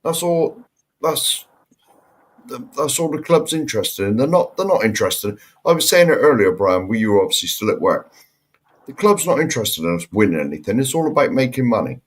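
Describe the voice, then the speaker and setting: A man's voice: medium pitch, sing-song, a little fast, slightly rough. A man co-hosting a football fan podcast, speaking bluntly and cynically about his club. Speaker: podcast co-host. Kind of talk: casual football chat.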